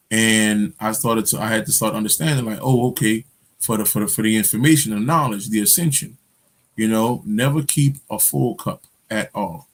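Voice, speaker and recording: A man with a voice on the low side speaks at a normal speed in a steady tone. Hosting his own spiritual channel, he tells a story in a loose, profane monologue packed with street slang, fillers and restarts.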